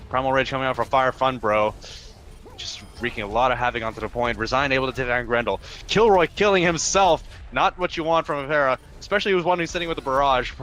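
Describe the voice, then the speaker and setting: A man giving fast live play-by-play commentary on an esports match in clipped phrases. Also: mid-range voice, bright, forceful tone. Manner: rapid play-by-play, clipped phrases, quick restarts.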